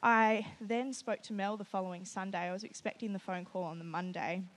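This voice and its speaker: A woman giving a personal testimony to a church group, telling her story in an animated way and often quoting herself. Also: mid-range voice, brisk. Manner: nervous and laughing at times. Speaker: testimony speaker at a church gathering.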